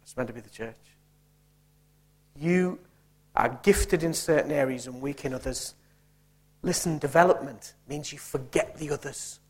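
Male preacher, slightly high voice, rhetorical and emphatic sermon delivery. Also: measured pace, pauses often, slightly rough. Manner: emphatic, punchy, rhetorical questions.

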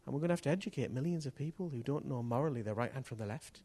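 A man preaching a sermon to a congregation, impassioned and building to loud bursts. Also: medium pitch, expressive, very fast, husky. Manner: impassioned, rising to loud outbursts. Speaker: pastor. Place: church hall with congregation.

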